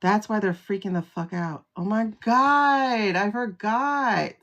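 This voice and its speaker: Talking slowly into her phone, a woman with a medium-pitched, fairly bright voice hosts a casual livestream tarot reading. She's chatty, exclaims a lot, and greets viewers by name.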